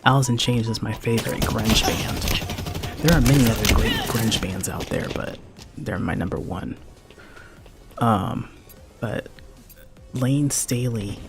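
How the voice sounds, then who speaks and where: A man's voice: fairly low pitch, measured pace, vocal fry, long pauses, faint music behind. A man in his forties streaming a game, rambling in a heartfelt way and dropping "man" and "like" often. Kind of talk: casual chat while gaming.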